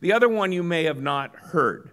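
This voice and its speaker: A middle-aged man from Southern California giving a business lecture in a measured, good-humored storytelling manner. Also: fairly high pitch, lively intonation, fairly bright tone, smooth. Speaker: guest lecturer.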